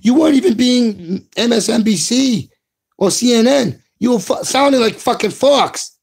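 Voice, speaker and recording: Man, video rant, gravelly, impassioned, repetitive. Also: very high voice, lively intonation, normal speed, darkish tone. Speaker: political commentator.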